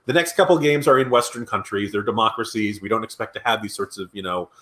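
A man's voice: fairly low pitch, fast, bright, forceful tone. A man co-hosting a political podcast, talking in a sarcastic, ranting way. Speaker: podcast co-host. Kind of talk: casual political chat.

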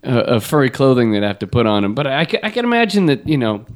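A man's voice: medium pitch, very animated, quick pace. A man co-hosting a comedy podcast, rambling and joking with lots of restarts. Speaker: podcast co-host.

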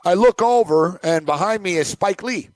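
A middle-aged man hosting a sports betting podcast, telling a rambling, animated anecdote in casual chat. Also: high-pitched, normal speed, no echo. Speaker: podcast host. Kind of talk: casual storytelling.

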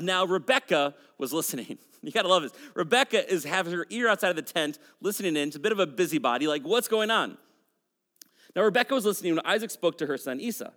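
A man's voice: fairly high pitch, fairly bright tone, long reverb tail. A man in his forties preaching a sermon, reading scripture with casual, joking asides. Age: 40s. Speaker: pastor.

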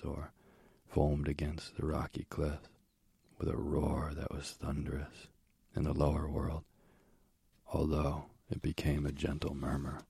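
A man reads a myth as an audiobook in a measured, steady way. His voice is extremely deep and husky. It stays dry and close. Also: no room sound. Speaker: narrator.

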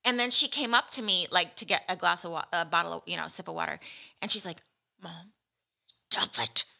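A woman's voice: on the low side, fast, gravelly, bright, forceful tone. A woman from Malibu co-hosting a casual chat, telling a family story animatedly and acting out the quotes. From Malibu, California. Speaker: podcast co-host.

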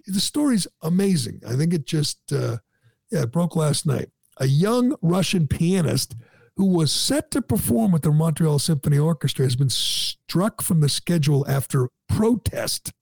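A man's voice: high voice, vocal fry, a little mellow, dry recording. A man hosting a talk show, ranting in an indignant, sarcastic way. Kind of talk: opinionated talk radio chat.

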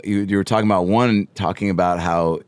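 Deep-voiced man telling casual stories. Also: fairly even intonation, brisk, dry recording. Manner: storytelling, playful voice impressions. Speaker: podcast host. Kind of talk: casual chat.

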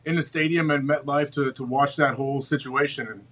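A man's voice: medium pitch, steady tone, a little fast, a bit bright, poor audio. A man who is a former player and show regular, telling stories in laid-back sports chat. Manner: laid-back storytelling with fillers. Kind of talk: casual sports talk.

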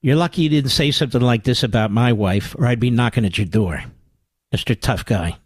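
Speaking a little fast with a breathy edge, an older political talk radio host mocks and spars sarcastically. He lurches between low growls and high exclamations, captured on a studio mic with no echo.

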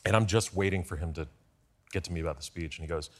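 Low-voiced guy on a talk show, animated storyteller, quick asides. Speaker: guest, former speechwriter. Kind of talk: talk show anecdote telling.

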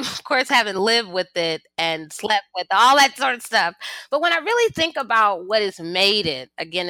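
This is a woman historian and author, a guest in an interview, answering questions with animated stories. Her voice sits in the mid-range with no room sound, and she performs the voices of the people she quotes.

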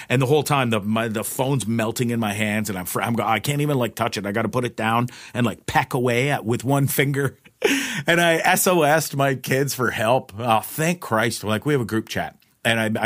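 A middle-aged man tells a story on his podcast in a loose, rambling monologue. He swears freely, laughs often and jumps into other people's voices. His voice sits at an ordinary pitch in a dry, close recording. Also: a bit bright, dry recording. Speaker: podcast host.

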